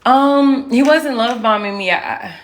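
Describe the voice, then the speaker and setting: A woman venting on a casual livestream, rambling and emotional, at times breaking into loud outbursts. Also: fairly high pitch, expressive, measured pace. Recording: roomy sound, far from the mic.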